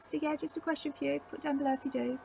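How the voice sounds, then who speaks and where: A woman's voice: high voice, steady tone, racing, vocal fry, warm tone, slight background noise, rough recording. A young woman chatting casually to camera at home, rambling with lots of "like" as she gives tips. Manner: rambling, chatty, filler-heavy with frequent "like". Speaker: vlogger. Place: at home indoors.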